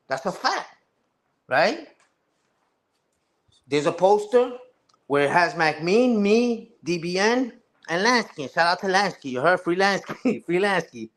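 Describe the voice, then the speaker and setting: High-voiced man ranting on a live stream. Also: fairly bright tone. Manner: profane, repetitive, keeps asking "you heard?". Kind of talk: casual live-stream rant.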